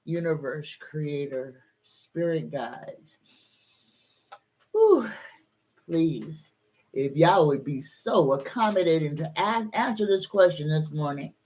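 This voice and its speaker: Slow-talking woman tarot reader. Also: lowish voice. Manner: chatty, greets viewers by name, invokes spirit guides. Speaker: psychic tarot card reader. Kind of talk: live-stream tarot reading and chat.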